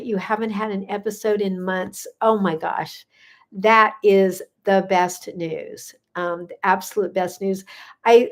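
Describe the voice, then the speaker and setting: A middle-aged woman, a gut health coach, chatting casually on a live stream and answering viewer comments, effusive and full of "um"s. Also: mid-range voice. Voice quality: effusive, gushing, with many fillers.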